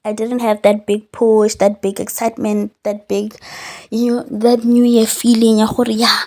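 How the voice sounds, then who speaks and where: A young South African woman lies on her bed at home, hosting her own podcast in a casual, candid, reflective monologue while chewing gum. Her voice is fairly high, level, and warm, at a moderate pace.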